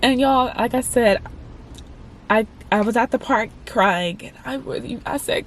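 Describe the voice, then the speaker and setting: A woman in her twenties telling a candid personal story to her viewers, chatty and halting, often calling them "y'all". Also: mid-range voice, gravelly, slight background noise. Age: 20s. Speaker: vlogger.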